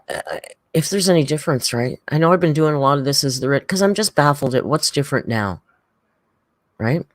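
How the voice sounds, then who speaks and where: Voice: mid-range voice, no room sound, clean studio sound. A livestream host in casual reaction chat, rambling and chatty, reading out viewer comments.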